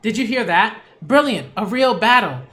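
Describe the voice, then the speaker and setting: A man's voice: high voice, lively intonation, normal speed, pushed and bright, voice pushed up. A man reading out the lines of an eager young village boy from a comic. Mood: excited.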